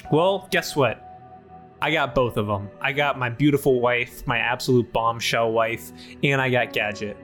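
A man's voice: mid-range voice, normal speed, a bit bright, close to an everyday voice. A hot-headed chipmunk tough guy, as a man improvises him blusters and brags. His voice sits mid-range and lifts when he pushes, with faint music underneath. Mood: blustering. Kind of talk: improv comedy scene.

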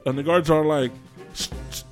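A man co-hosting a casual podcast, retelling a story with lively acted-out quotes and plenty of swearing. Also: on the high side, moderate pace, faint music behind. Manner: animated storyteller acting out quoted voices, swears freely. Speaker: podcast co-host.

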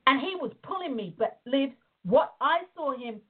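A woman telling a story and teaching in casual talk on a call, animated, acting out the voices in her stories. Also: high voice, normal speed. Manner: animated storytelling, acts out quoted dialogue. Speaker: prayer and visualization teacher. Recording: tinny phone-like line.

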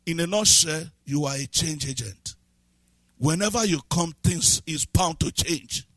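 A man preaching a sermon as a pastor, swinging from low asides to shouted, half-sung lines and repeated questions to the congregation. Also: unhurried, no echo. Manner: breaks into speaking in tongues.

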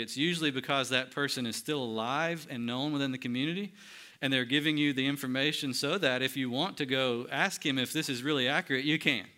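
A man preaching a sermon, swinging between loud emphatic lines and hushed, quiet ones. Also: mid-range voice. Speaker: pastor.

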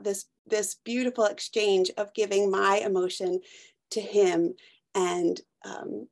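Gravelly-voiced woman sharing a testimony. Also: medium pitch. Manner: hesitant, with restarts and fillers. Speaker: church member sharing a testimony. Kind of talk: personal testimony and scripture reading.

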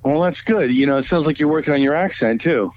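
Higher-voiced male guest on a dull line. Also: fast talker. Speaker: guest actor. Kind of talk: casual interview chat.

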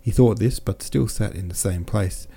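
A man reads a classic novel aloud in a measured, steady narration. His voice sits low and sounds very dark and mellow, with a relaxed, even delivery. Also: creaky, husky. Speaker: audiobook narrator.

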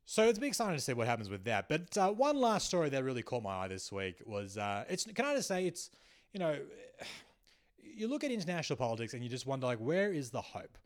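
A man's voice: mid-range voice, big pitch swings, fast talker. A man hosting a comedy show, delivering a rambling, sarcastic monologue with many restarts. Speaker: comedian host.

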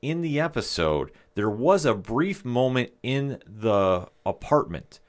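A man co-hosting a podcast, explaining a TV episode in a measured, casual way. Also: mid-range voice, sing-song. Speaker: podcast co-host. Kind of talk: casual TV recap discussion.

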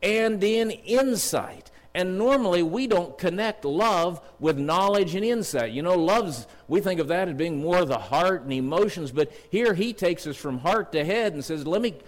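A middle-aged man preaching a sermon in a church, earnest and storytelling, slowing down to read scripture. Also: sits high, lively intonation. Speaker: district superintendent preaching. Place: church sanctuary. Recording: long church reverb.

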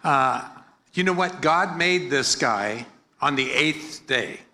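A man's voice: mid-range voice, lively intonation, takes it slowly, sharp tone, slight background noise. An older American man preaching to a congregation, playful and joking, leading call-and-response chants. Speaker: guest preacher. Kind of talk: energetic sermon with crowd call-and-response. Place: church hall with a congregation.

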